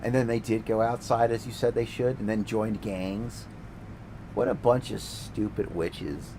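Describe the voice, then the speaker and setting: A man's voice: on the low side, fairly even intonation, a little slow, background noise. A man streaming a game, ranting casually and sarcastically with plenty of swearing. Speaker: gaming streamer. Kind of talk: casual ranting commentary while gaming.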